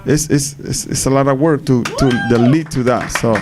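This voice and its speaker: A man from Panama, answering fan questions at a live Q&A. He speaks haltingly, repeats words and laughs between answers. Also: medium pitch, steady tone, noisy background.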